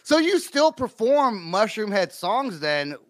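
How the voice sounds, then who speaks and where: A man's voice: high voice, big pitch swings, takes it slowly, fairly bright tone, no room sound. A man from Northern California hosting a casual podcast interview, asking chatty, rambling questions. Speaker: podcast host.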